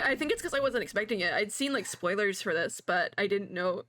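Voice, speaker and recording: A woman giving casual, excitable reaction commentary as a VTuber, chatty and gushing. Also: mid-range voice, brisk, hardly any pauses. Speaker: VTuber reacting to an animated short. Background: faint music from the video.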